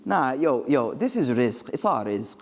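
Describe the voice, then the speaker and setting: A man's voice: medium pitch, sing-song, unhurried, slight background noise. A man giving a casual, joking religious talk to a live audience, using street slang and acting out quoted lines. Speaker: Islamic speaker.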